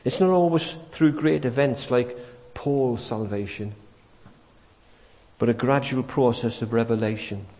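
Preacher in an echoing church. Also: male voice, mid-range voice, unhurried. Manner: animated storytelling, acts out quotes, chuckles warmly. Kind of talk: sermon. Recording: church hall with long reverb.

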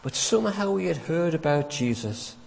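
A man preaching a sermon, telling a story with lively emphasis and acting out the quoted lines. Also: on the high side, normal speed, gravelly. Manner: animated storytelling, acts out quotes, chuckles warmly. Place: church. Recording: church hall with long reverb.

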